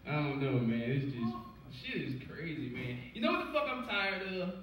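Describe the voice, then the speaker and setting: A young man from Cincinnati in his twenties doing a stand-up set, telling stories in a loud, profane, animated way. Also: on the high side, normal speed, slight background noise. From Cincinnati, USA. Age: 20s. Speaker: stand-up comedian. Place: comedy club stage. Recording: echoey club, distant mic, loud crowd.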